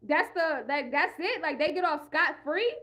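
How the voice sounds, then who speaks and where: A woman's voice: high voice, expressive, normal speed, pushed and bright. A young woman vlogger in a heated, profane rant, repeating herself and speaking in an African American English style. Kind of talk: ranting monologue.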